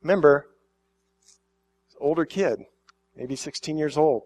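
A man's voice: fairly high pitch, normal speed. A middle-aged man preaching a sermon, reading scripture and then talking it through in a loose, conversational way, with restarts and voiced quotes. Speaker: pastor.

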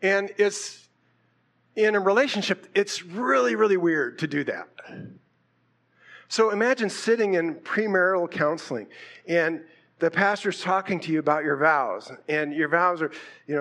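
A man's voice: sits high, expressive, moderate pace, a bit bright. A man preaching a sermon in a casual, conversational way, asking rhetorical questions. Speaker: pastor.

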